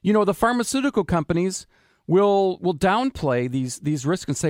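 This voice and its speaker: A man's voice: a little high, expressive, normal speed, no room sound, studio quality. A man hosting a radio talk show, rambling with many fillers and restarts as he interviews a guest. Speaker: radio show host and practitioner.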